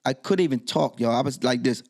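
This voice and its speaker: A middle-aged man, a DJ appearing as a podcast guest, tells a story in relaxed interview talk, performing the quoted dialogue himself. His voice is mid-range and a little quick, and he comes across as a lively storyteller.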